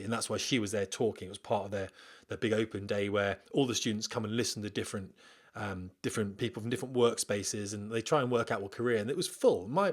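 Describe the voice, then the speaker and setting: A middle-aged man, hosting a podcast from home, chatting casually and reading a listener's email with rambling digressions. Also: mid-range voice. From Britain. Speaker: podcast host, former military pilot.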